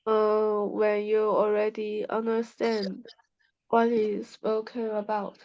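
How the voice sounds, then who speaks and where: Very slow, hesitant female learner, flat tone, somewhat muffled sound. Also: mid-range voice. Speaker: language student.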